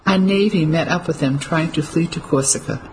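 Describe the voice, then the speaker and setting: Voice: medium pitch, moderate pace, a little hiss or hum, natural voice, low-quality recording. A reader doing a smug, mocking male officer. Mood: menacing. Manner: mocking, menacing.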